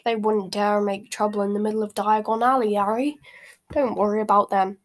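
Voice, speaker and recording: A woman voicing a cheerful, carefree big man who speaks brightly and loudly. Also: medium pitch, level tone, brisk, close to an everyday voice.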